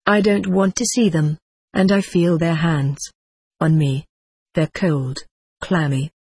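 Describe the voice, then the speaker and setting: Husky, low-voiced woman narrator. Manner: reads stage cues aloud in an even, measured voice. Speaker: narrator reading a hypnosis session transcript. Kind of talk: audiobook narration.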